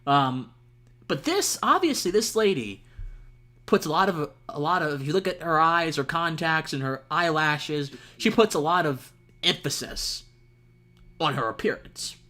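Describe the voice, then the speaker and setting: A man's voice: fairly high pitch, lively intonation, a little slow, bright, forceful tone. A man hosting a casual chat stream, stammering and repeating himself as he talks. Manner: stammering, repeated apologies through laughter. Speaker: stream host.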